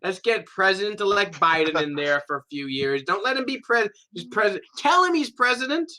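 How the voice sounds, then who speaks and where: A man's voice: high voice, big pitch swings, brisk. A young man co-hosting a podcast, chatting casually with profane, laughing rants. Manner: loud, profane, laughing, mock voices. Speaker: podcast co-host. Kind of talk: casual comedic chat.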